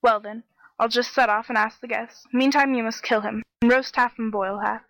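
A woman voicing a greedy, roaring male troll in a storybook reading, raised and loud. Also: fairly even intonation, moderate pace, dry recording, low-quality recording. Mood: commanding. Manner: loud, booming exclamations.

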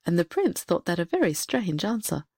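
A woman narrating a fairy tale in a measured, expressive storytelling manner. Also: fairly low pitch, gravelly, slightly rough, no echo, clean studio sound.

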